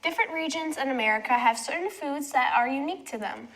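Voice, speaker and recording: A woman's voice: high-pitched, fast talker, a bit bright, faint music behind. A woman anchoring a student newscast in an upbeat, chatty way. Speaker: news anchor.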